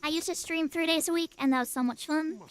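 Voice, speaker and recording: A woman's voice: high-pitched, quick pace. A woman streaming a game and chatting playfully, tired but upbeat, through a voice changer. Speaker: VTuber streamer. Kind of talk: casual gaming livestream chat.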